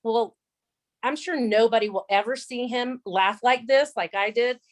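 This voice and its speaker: A woman guest on a video call, telling a lively personal story with acted-out quotes. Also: a little high, unhurried. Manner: animated storyteller acting out quotes. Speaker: guest speaker.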